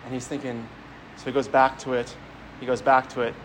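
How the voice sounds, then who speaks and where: A man's voice: mid-range voice, level tone, brisk, slight background noise, low-quality recording. Man giving a conversational homily. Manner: conversational, storytelling, frequent repeated words. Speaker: Catholic priest.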